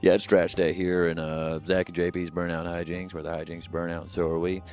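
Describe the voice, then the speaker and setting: Low-voiced male podcast co-host, loose and rambling, joking to himself, faint music underneath. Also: level tone, fairly quick, a little mellow. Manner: rambling, jokey, lots of fillers and asides. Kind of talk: casual solo podcast rambling. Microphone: headphones and studio mic.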